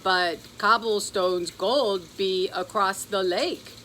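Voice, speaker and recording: A woman's voice: medium pitch, fairly even intonation, takes it slowly, fairly bright tone, slight background noise. A woman voicing a grumpy little male leprechaun who talks in broken grammar and names himself. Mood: scowling.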